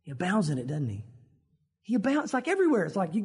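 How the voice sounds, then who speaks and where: Male pastor, high voice, slightly husky, animated conversational sermon delivery. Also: fast. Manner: animated, conversational preaching with acted quotes.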